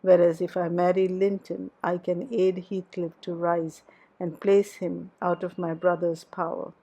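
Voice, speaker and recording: A woman's voice: on the low side, level tone, measured pace, mellow, highs cut off. A woman voicing a passionate, headstrong young woman in love, in an audiobook reading of a classic novel. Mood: earnest.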